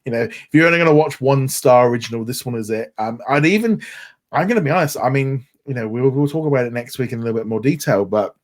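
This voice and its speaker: A man's voice: medium pitch, expressive, quick pace. A man co-hosting a podcast, chatting casually and enthusiastically with many restarts and fillers. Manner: enthusiastic, rambling with frequent restarts. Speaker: podcast co-host.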